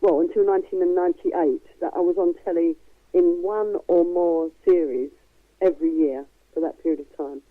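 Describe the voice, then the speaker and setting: A middle-aged woman with a softened East London accent, a guest chatting frankly and laughing easily. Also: fairly low pitch, steady tone, normal speed, no echo, narrow, tinny audio. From East London, England. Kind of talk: casual chat.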